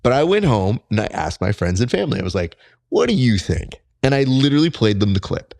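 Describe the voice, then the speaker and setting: Male host, casual interview chat, very lively pitch, animated storyteller. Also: fast, vocal fry. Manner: animated storyteller, jumps high when quoting himself. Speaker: podcast host.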